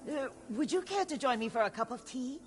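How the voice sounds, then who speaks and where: A woman's voice: high voice, lively intonation, brisk, slight background noise. An actress voicing a woman brewer in a video game, polite but blunt. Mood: wary. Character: blunt woman sake brewer, wary and sharp-tongued.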